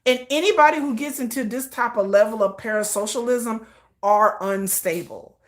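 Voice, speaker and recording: A woman's voice: fairly high pitch, moderate pace. A woman hosting a casual livestream, ranting with profanity and acting out dramatic quoted voices. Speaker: livestream host.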